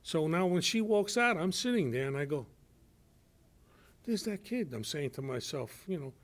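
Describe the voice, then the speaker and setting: Animated man telling stories. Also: fairly high pitch, moderate pace. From Brooklyn, New York. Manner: animated, acts out quoted voices. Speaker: guest actor and nightclub comic. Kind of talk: radio show storytelling.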